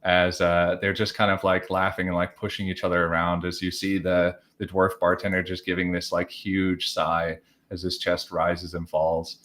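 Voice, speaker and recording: A man's voice: low-pitched, little pitch movement, moderate pace, fairly bright tone. A man narrating as game master, rambling with many fillers. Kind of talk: improvised tabletop narration.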